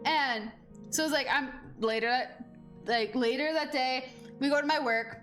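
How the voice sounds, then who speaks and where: A young woman chatting casually while she plays a game, her voice high and ringing. She rambles through her stories with lots of "like" fillers, and soft music sits faintly underneath. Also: a little fast. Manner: rambling storyteller, heavy on "like" fillers. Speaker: gaming streamer. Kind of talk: casual chat over gameplay.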